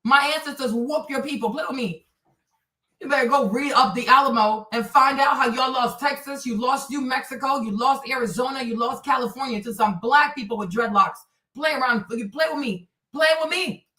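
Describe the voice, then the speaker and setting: A woman hosting a livestream, delivering a heated commentary rant that is animated and profane, with phrases repeated for emphasis. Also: high voice, fairly quick, distant mic. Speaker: livestream host. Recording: roomy and off-mic.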